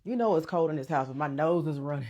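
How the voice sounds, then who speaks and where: A woman's voice: sits low, animated, quick pace, a little mellow. A young woman chatting casually to her viewers on a livestream, calling them y'all and sis. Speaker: content creator going live.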